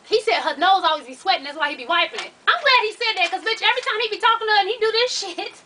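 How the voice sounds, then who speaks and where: A high-pitched woman with a bright, sharp tone gives a blunt, profane recap of a reality show, full of sassy asides. She talks to her viewers as "y'all" and "honey". Her voice sits a little back from the mic. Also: animated, very fast, far from the mic, slight background noise, low-quality recording. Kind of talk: casual chat.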